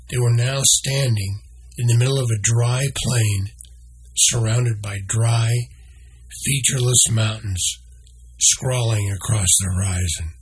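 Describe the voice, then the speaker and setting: Slow husky man reading a story. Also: fairly low pitch. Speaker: narrator. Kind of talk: storybook read-aloud.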